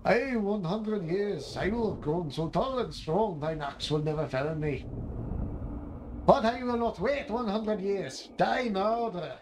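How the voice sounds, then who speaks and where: A man voicing a vengeful old male tree who speaks slow, solemn archaic English while reading game dialogue aloud. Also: sits high, animated, noisy background. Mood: menacing.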